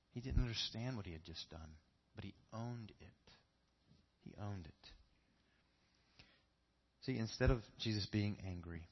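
A man's voice: on the low side, husky, dull audio. A man preaching a sermon in a church, earnest and repeating key phrases for emphasis. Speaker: pastor.

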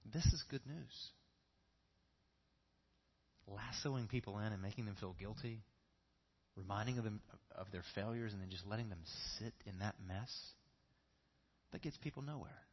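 Low, husky-voiced man preaching. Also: normal speed, muffled recording. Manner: earnest, repeats key phrases for emphasis. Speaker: pastor. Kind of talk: sermon. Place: church.

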